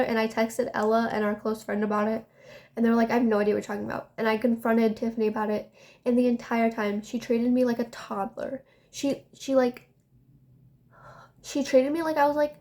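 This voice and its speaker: Podcast host, female: slightly high voice, sarcastic and fired up, mocking when quoting texts. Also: a little mellow. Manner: heated and sarcastic, recounting a fight; reads out text messages in a mocking tone. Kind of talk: casual storytelling rant.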